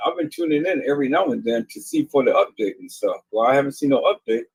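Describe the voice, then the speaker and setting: A man hosting a live stream in casual chat, telling a rambling, animated story and laughing often and hard. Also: mid-range voice, fast talker, husky, dry recording, rough recording.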